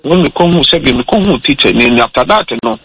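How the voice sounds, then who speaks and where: A man telling a story in relaxed radio talk, switching between Twi and English. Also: a little high, fast talker, slightly rough, dry recording, low-quality recording.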